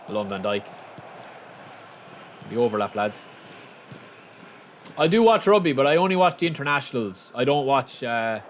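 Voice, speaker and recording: A young man casually commentating his own football game on a live stream, chatting with viewers and bursting into shouts at big moments. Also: mid-range voice, slight background noise.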